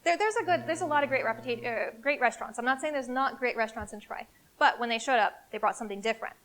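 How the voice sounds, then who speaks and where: A woman giving a live business presentation to an audience in an event room, in an energetic, conversational and emphatic way. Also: fairly high pitch, quick pace. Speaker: CEO giving a marketing presentation. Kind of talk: live conference talk.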